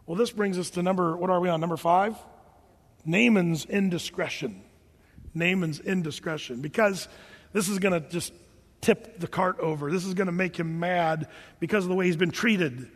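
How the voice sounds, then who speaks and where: A male pastor preaching a sermon in an animated, emphatic way, often repeating words as he thinks. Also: sits high, long reverb tail.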